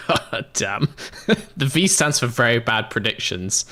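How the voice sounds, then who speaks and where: A man's voice: mid-range voice, sing-song, slow, pushed and bright. Joking man commenting on a game. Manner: sarcastic, self-mocking and joking. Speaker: game streamer. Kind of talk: casual gameplay commentary.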